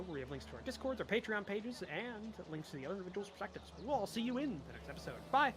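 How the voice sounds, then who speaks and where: A man co-hosting a multiplayer strategy game session over voice chat, rambling and grasping for words as he talks excitedly. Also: sits high, very fast, hardly any pauses. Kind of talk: casual gaming chat over voice call. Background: game music.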